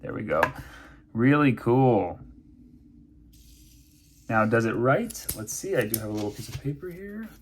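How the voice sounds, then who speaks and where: A man's voice: mid-range voice, lively intonation, measured pace, pauses often, a little hiss or hum. A man reviewing knives and pens in a casual unboxing, chatty and thinking aloud with many fillers. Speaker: knife and pen reviewer.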